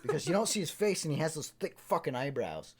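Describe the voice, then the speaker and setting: A man's voice: a little high, big pitch swings, quick pace. A man co-hosting a casual podcast, crude and joking, acting out voices in his stories. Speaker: podcast co-host. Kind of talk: casual chat.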